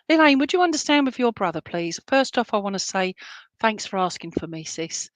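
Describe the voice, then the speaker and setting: A chatty woman working as a medium, talking reassuringly through a live online reading. Her voice sits at an ordinary middle pitch. She drops into soft whispered asides now and then, and the sound is close and dry with no room echo. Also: animated, brisk. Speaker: spiritualist medium.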